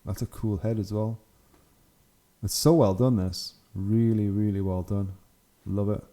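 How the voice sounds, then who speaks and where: With a fairly low, mellow voice and a steady tone, this young channel host talks a little slowly. He offers casual, enthusiastic commentary on hobby photos and laughs frequently.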